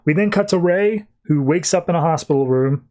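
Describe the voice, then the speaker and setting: A man's voice: on the high side, a little fast, a little mellow. A man co-hosting a podcast, recapping a comic book in a loose, offhand way with wry asides and frequent restarts. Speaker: podcast co-host.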